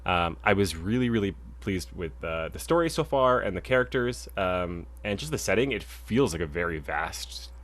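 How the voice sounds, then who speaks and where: A man's voice: low voice, lively intonation, normal speed, hardly any pauses, fairly bright tone. A young man co-hosting a video game podcast, chatting casually and rambling with lots of restarts. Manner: rambling, many fillers and restarts. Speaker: podcast co-host. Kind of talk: casual chat.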